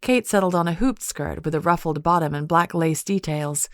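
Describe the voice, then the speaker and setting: A woman reading an audiobook in even, measured narration. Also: sits low, no room sound.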